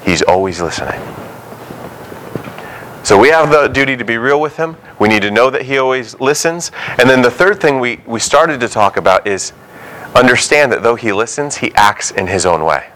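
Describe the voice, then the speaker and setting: A male pastor delivers a sermon in a lively, swooping voice of middling pitch. He keeps it conversational and slips into short acted-out quotes as he goes. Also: fairly quick, a little hiss or hum, low-quality recording.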